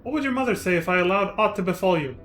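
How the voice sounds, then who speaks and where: A man's voice: sits high, animated, very fast, a bit bright, soft background music. A man reading the lines of a stern, grieving father from a game, formal and firm. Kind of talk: reading game dialogue aloud.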